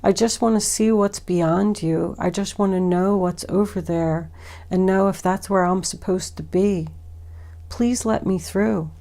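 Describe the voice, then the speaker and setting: A woman voicing a gentle young male deer from a storybook, pleading softly to be let through. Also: medium pitch, fairly even intonation, measured pace, close to an everyday voice. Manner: pleading, soft-spoken.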